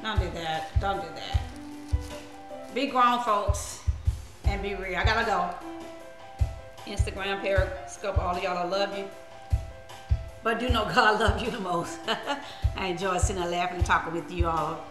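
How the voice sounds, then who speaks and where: A woman minister hosting a casual live stream, laughing often and giving lively preachy asides to her viewers. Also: mid-range voice, moderate pace, long pauses, echoey room, over music.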